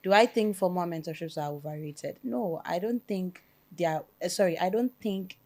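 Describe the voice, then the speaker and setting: A woman with a Ghanaian English accent, a software developer on a panel, answering thoughtfully and checking in with "You get it?". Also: fairly low pitch, moderate pace. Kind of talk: panel discussion.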